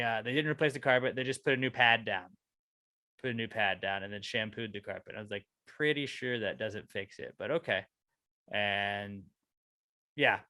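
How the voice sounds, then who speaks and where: A man co-hosting a podcast, telling a long profane rant about his apartment that keeps climbing in pitch when he gets angry. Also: bright, forceful tone, dry recording. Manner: ranting, profane storytelling, voice rising when angry. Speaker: podcast co-host. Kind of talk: casual chat.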